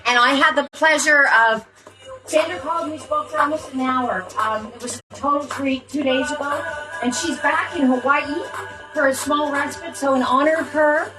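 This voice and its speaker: A woman hosting a wellness session, giving a playful, rambling closing talk full of fillers and sudden mock shouts. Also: high-pitched, moderate pace, rough recording. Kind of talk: chatty closing talk to an audience. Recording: music playing behind.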